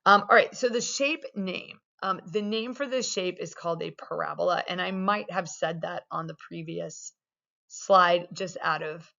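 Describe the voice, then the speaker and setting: A woman's voice: fairly low pitch, moderate pace, creaky, pushed and bright. A woman math teacher explaining a lesson over slides in a casual, chatty way, with many fillers. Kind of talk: recorded video lesson. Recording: dull lo-fi sound.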